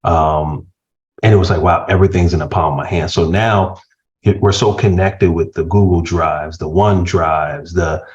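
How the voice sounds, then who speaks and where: A middle-aged man chatting casually as a podcast guest, telling stories with laughter and lively voice swings. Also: low-pitched, normal speed. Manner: animated storyteller, laughs while telling stories. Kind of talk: casual chat. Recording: dull lo-fi sound.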